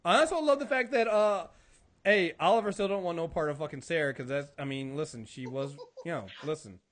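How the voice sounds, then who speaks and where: A man co-hosting a casual TV recap podcast, animated and prone to repeating words and swearing. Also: fairly high pitch, a little fast. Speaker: podcast co-host. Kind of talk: casual chat.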